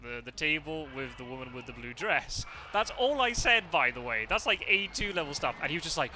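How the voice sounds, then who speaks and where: Bright, chatty man streaming a game. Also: fairly high pitch, big pitch swings, fairly quick, a little hiss or hum. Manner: rambling anecdotes, laughs often, swears casually. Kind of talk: casual chat while playing live.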